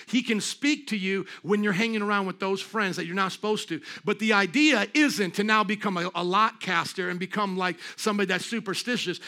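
A man's voice: high-pitched, pushed and bright. A man preaching a sermon at a church service, talking in an emphatic, conversational way and throwing rhetorical questions at the congregation. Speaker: pastor.

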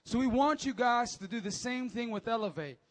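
A young man, a youth pastor, giving energetic, joking announcements and preaching to teens, often calling for amens. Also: extremely high pitch, fairly quick.

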